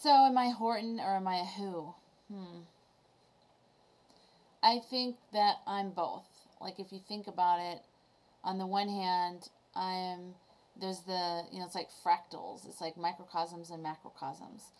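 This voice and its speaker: A woman's voice: fairly low pitch, unhurried. Chatty woman retelling a story. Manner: animated, chatty, reflective. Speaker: vlogger. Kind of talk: casual storytelling to camera.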